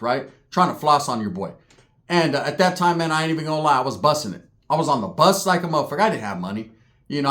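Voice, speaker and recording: A man's voice: mid-range voice, fairly bright tone. A young man telling a profane story in street slang and acting out the people he quotes. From California. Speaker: commentary vlogger. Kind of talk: storytelling rant.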